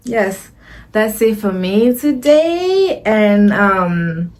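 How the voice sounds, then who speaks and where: A woman talks straight to the camera in a relaxed storytime vlog. She gushes and rambles, circling back and restarting her sentences as she goes. Her pitch sits in the middle range. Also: drawn-out words. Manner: gushing and rambling, often restarting phrases. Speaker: vlogger.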